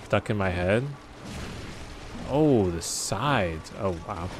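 A man's voice: on the low side, lively intonation, slow, noisy background. A young man streaming a game, reacting with profane jokes and sudden yelps. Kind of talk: gameplay commentary.

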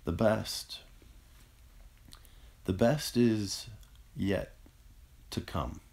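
Dying man, out of breath and straining for each word, read by a male narrator; low, rough edge. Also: drawn-out words, darkish tone, heavily acted. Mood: gasping, tender. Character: dying young man, gasping, tender.

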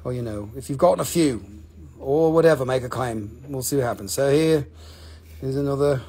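A man's voice: medium pitch, fairly quick, mellow, slightly rough. A man hosting a live stream to sell crystals, talking casually, swearing freely and counting down each sale.

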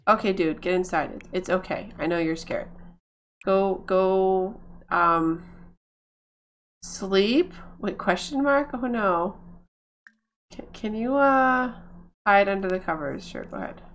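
Young woman, casual gameplay commentary, giggly, talks to her game characters, unhurried delivery, mid-pitched voice. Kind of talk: casual let's-play commentary.

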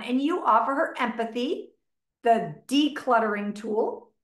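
A middle-aged woman teaches a relationship masterclass in a chatty, unscripted way, full of fillers and quick acted-out exchanges. Her voice sits slightly high, and the room around her rings with noticeable echo. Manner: chatty, filler-heavy, acts out little dialogues. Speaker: relationship coach presenting a masterclass. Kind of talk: informal teaching talk. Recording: echoey room.

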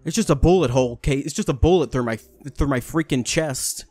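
A young man casually commentating a video game as he plays, excitable, laughing often and swearing at the screen. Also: medium pitch, brisk, dry recording. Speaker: gaming YouTuber. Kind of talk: casual let's-play commentary.

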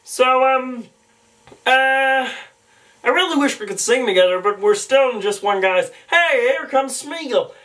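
A man's voice: very high voice, lively intonation, unhurried, sharp tone, voice pushed up, exaggerated voice. A man voicing a mild-mannered male frog puppet, hesitant and filled with ums. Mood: goofy. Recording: distant home mic.

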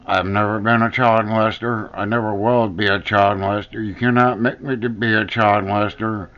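A man's voice: lowish voice, fairly bright tone. A man delivering a heated, profane rant to the camera, hammering home repeated accusations. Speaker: vlogger. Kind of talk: angry personal rant to the camera. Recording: dull lo-fi recording.

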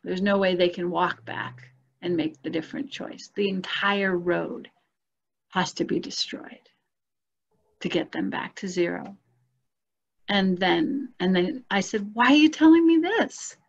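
A woman's voice: lowish voice, little pitch movement, unhurried, vocal fry, pauses often, lo-fi sound. A woman telling a personal spiritual story in a casual, earnest and emotional way, as a guest on a video call.

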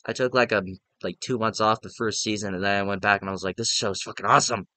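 Rambling man with a bright, tense voice. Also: lowish voice, steady tone, fast talker, no echo. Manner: rambling, emotional, swears freely. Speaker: movie reviewer. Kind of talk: casual unscripted film review.

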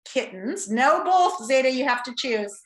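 A woman teacher running a playful class vote on a video call, animated, exclaiming and laughing often. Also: high voice, measured pace, roomy sound, background noise.

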